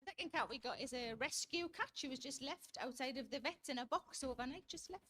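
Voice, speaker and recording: A woman's voice: high voice, fairly quick, sharp tone. A woman in her thirties doing a blunt, sweary stand-up comedy routine on stage, telling stories to an audience.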